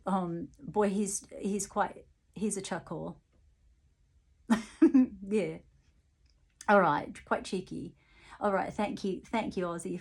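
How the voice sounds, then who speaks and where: A woman psychic medium giving a channelled reading, relaying messages in the first person in a halting way with many restarts and gently playful, chuckling asides. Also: fairly low pitch.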